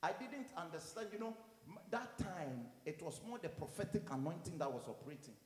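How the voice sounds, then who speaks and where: A man who is a pastor preaching a sermon, animated, going from quiet to loud and acting out what people say. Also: a little high, fairly quick, reverberant, big-room sound. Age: adult with children. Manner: animated, swings from quiet to loud, acts out quotes.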